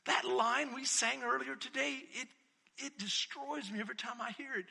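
A man preaching in a very high, piercing voice that carries a gravelly, husky grain. He swings between loud, emphatic declarations and quiet, close reflection, and a long hall reverb trails after every phrase. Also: moderate pace. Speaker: pastor. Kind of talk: sermon.

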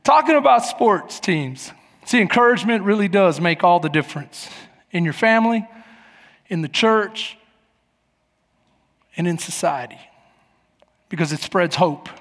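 Animated high-voiced pastor in a hall. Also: male voice, unhurried, long pauses. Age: 40s. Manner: animated storytelling, acting out voices and shouts. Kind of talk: sermon. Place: church.

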